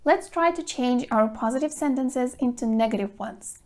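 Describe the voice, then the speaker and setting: Woman, high pitch, English teacher, clear deliberate delivery, stresses key words. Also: darkish tone. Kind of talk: grammar lesson to camera. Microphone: phone camera.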